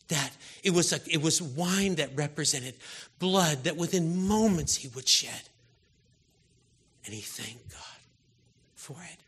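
Male preacher, husky and forceful, fervent sermon, from quiet murmurs to loud pleas. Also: on the high side. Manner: impassioned, swings from hushed to loud exhortation.

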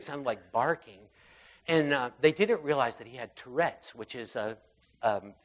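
Male preacher, mid-pitched, casual storytelling sermon, chatty with lots of "um" and "you know", drops into quoted voices. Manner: conversational, animated storytelling with fillers and quoted voices.

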